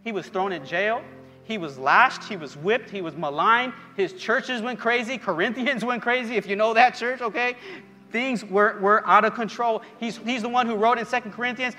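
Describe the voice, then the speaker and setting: A man's voice: high voice, moderate pace, pushed and bright. A male pastor preaching an impassioned sermon at a live-streamed church service, building up with repeated phrases. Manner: impassioned, repetitive preaching with rising emphasis. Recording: long hall reverb with faint music.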